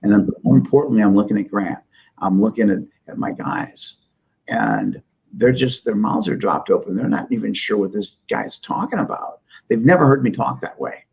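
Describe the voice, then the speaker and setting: A man's voice: fairly low pitch, lively intonation, normal speed, gravelly, darkish tone, breathy edge, low-quality recording. A man from the Midwest, a business owner being interviewed, telling stories in an emphatic, joking, candid way. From Midwest United States. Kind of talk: casual interview storytelling.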